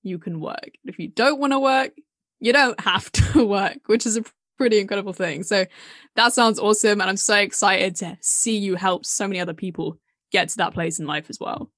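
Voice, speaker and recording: A woman's voice: medium pitch, moderate pace, a bit bright, dry recording. A woman hosts a podcast with an upbeat, encouraging manner and a mid-range voice. Her sound is dry and close, with no room around it. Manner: upbeat and encouraging, laughs easily. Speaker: podcast host. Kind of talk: casual podcast interview.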